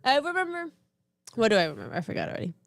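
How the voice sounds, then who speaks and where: A young woman co-hosting a casual podcast, teasing her partner and chiming in with quick remarks. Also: on the high side, sing-song, vocal fry, no room sound, clean studio sound. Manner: teasing, chiming in and laughing along. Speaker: podcast co-host. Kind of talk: casual chat.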